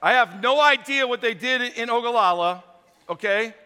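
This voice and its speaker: A man preaches to a packed auditorium, quizzing and teasing the crowd. His voice sits high and bright. A long reverb from the big hall trails every phrase. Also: moderate pace, clear, resonant tone. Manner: animated, interactive, joking with the crowd. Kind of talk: sermon to a live auditorium. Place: large auditorium.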